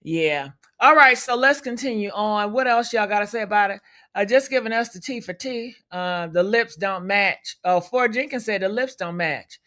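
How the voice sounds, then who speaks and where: A livestream commentary host with a mid-range, slightly bright voice at normal speed delivers loud, unfiltered gossip, swearing, sassy and combative, firing off rhetorical questions.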